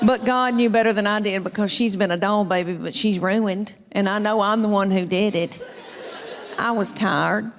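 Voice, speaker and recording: A woman in her fifties with a Southern US accent, telling chatty, folksy stories in a stand-up comedy set. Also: mid-range voice. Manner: chatty, folksy storytelling with drawn-out asides. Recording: long hall reverb, clear crowd noise.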